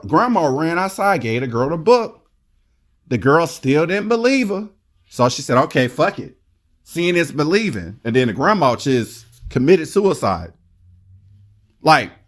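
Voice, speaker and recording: A man reviewing a movie in casual chat, excitable and rambling, with lots of swearing. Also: a little high.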